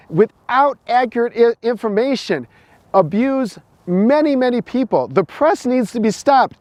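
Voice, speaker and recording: In a dry recording, a middle-aged man from the U.S. lectures his opinions in a preachy, repetitive way, often starting over mid-sentence. His voice is high and a little mellow.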